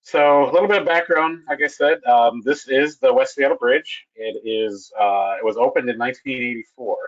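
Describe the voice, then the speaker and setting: A man presenting a technical webinar on a bridge repair, talking in a halting way with many restarts and fillers. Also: mid-range voice, lo-fi sound.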